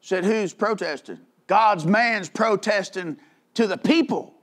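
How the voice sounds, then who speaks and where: A fiery male preacher with a high-pitched voice that dips into low, rumbling asides and climbs into loud, forceful bursts. He keeps pressing the congregation for agreement, and he reads old-style scripture in measured tones. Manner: emphatic preaching with frequent call-outs for agreement. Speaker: pastor. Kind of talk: fiery sermon.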